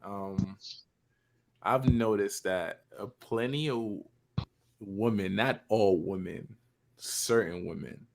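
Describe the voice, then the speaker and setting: A man's voice: lowish voice, slow, gravelly, darkish tone. A man on a panel making his points animatedly in a casual discussion, rising into emphatic outbursts.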